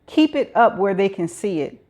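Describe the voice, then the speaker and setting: A woman voicing a gruff male prison warden who talks in a harsh, hostile way. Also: medium pitch, very animated, moderate pace, darkish tone, natural voice.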